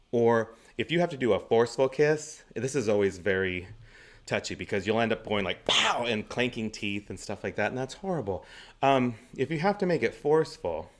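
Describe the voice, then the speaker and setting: A man in his forties, a guest actor on an interview show, telling chatty anecdotes and laughing often between stories. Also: medium pitch. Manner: gives practical stage tips.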